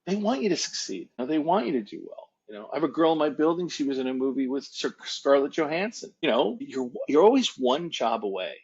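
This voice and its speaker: A man's voice: a little high, very animated, fast talker, hardly any pauses, darkish tone, breathy edge, lo-fi sound. A male actor and producer as a guest, telling rambling, casual anecdotes with lots of restarts. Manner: rambling, repeats words and restarts.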